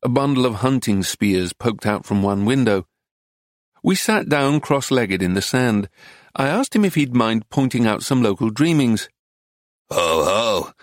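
A man reading a travel narrative aloud in a measured, unhurried audiobook style on a close mic. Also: mid-range voice, animated, no room sound. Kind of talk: scripted narration.

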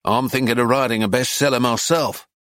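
A man's voice: medium pitch, steady tone, a little fast, fairly bright tone, no room sound, natural voice. Man doing a petulant outback policeman, thin voice, touchy and eager, storybook reading, dry close sound.

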